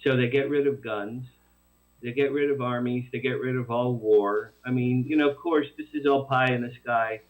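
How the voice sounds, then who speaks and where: A man talks about his book over a tinny phone line, rambling and animated, stopping and restarting as he goes. His voice sits in an ordinary middle pitch for a man. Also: normal speed. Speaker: author guest. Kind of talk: casual radio interview.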